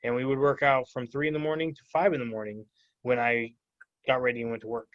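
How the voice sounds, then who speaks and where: A man rambles through a story on a podcast, stopping often to fill pauses. His voice sits in a middle register. The sound is dull and lo-fi. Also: medium pitch, flat delivery. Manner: rambling, with many fillers. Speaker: podcast guest. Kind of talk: casual podcast chat.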